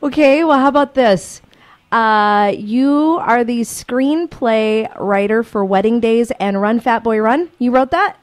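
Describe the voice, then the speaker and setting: A woman's voice: a little high, takes it slowly. A young woman co-hosting a casual radio show, bubbly and laughing often. Her voice sits mid-range and sounds close and dry, with no room echo. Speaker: radio co-host.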